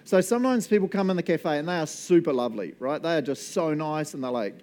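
A man's voice: a little high, fast talker, darkish tone. A young adult man with a New Zealand accent, preaching a casual, playful sermon as pastor and acting out customers in silly voices.

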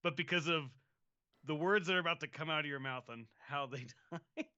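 A man co-hosting a casual talk show, speaking in halting, supportive banter. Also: fairly high pitch, sharp tone, smooth, highs cut off. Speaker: co-host.

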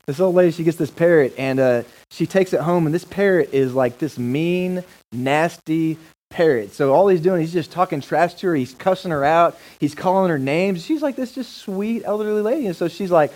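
A man's voice: fairly high pitch, a little fast, a little mellow, poor audio. A male pastor giving a sermon in a casual, enthusiastic, joking manner.

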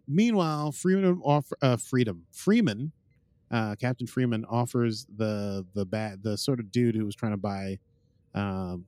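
A man's voice: lowish voice, darkish tone, dry recording. A man hosting a podcast, casually recapping an episode in a rambling way, full of uh and like, and quoting the characters as he goes. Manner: rambling, fills gaps with uh and like, quotes characters. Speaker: podcast host.

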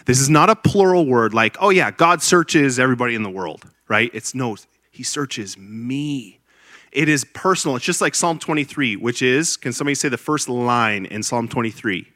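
A man's voice: medium pitch, fairly bright tone, no echo, studio quality. A man preaching a sermon to a congregation, earnest and explanatory, with emphatic bursts and light teasing of his listeners.

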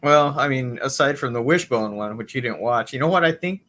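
A man's voice: mid-range voice, brisk, fairly bright tone. A man co-hosting a podcast, chatting casually and asking his co-host questions. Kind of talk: casual chat.

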